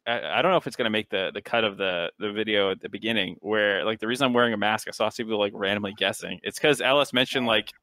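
Bright-toned, easygoing male co-host. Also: fairly low pitch, no echo. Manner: easygoing, self-deprecating, halting with restarts. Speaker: podcast co-host. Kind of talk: casual chat.

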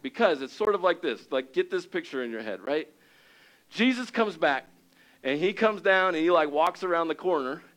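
A male pastor preaching a sermon, animated, acting out little scenes in an excited raised voice and dropping low for serious points. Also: low-quality recording.

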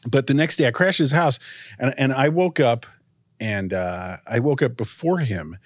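A man co-hosting a podcast, telling a rambling, animated story in casual chat, swearing freely and acting out quotes. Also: medium pitch, normal speed, dry recording. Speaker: podcast co-host.

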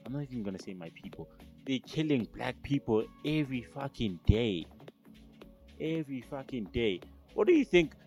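A man's voice: medium pitch, darkish tone. A young South African man ranting heatedly to camera, profane and emphatic. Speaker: vlogger. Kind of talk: casual rant to camera.

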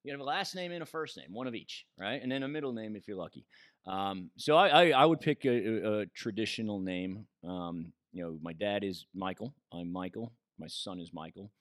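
A man's voice: on the low side, animated, a little fast, no echo, clean studio sound. A middle-aged American man co-hosting a casual chat, laughing often, swearing freely and restarting his sentences. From United States. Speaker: podcast co-host.

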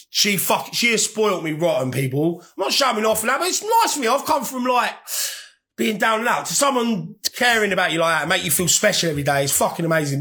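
High bright-voiced swearing man. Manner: swearing, rambling, laughing often. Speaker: vlogger. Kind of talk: casual chat to viewers.

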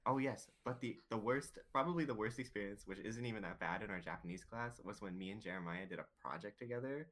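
Bright-voiced young man, casual podcast chat. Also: on the low side, quick pace, hardly any pauses. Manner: laughing, storytelling, swears casually. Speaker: podcast co-host.

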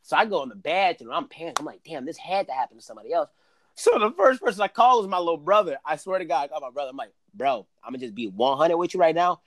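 A man on a casual podcast, spinning a rowdy, profane story. His voice is slightly high for a man and leaps up sharply when he gets worked up, and the sound is dry and close. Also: fast, few pauses, dry recording. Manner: animated, profane storytelling with big pitch jumps.

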